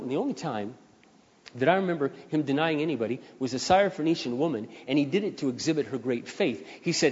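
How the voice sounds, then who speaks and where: A male pastor preaching a sermon, repeating key phrases and swelling louder to drive them home. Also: mid-range voice, animated, fast talker. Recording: dull sound, long hall reverb.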